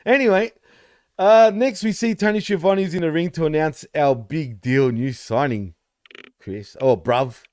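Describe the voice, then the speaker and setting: A man's voice: fairly high pitch, unhurried, darkish tone, no echo, clean studio sound. A man co-hosting a casual wrestling podcast, swearing freely, teasing and laughing often. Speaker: podcast co-host.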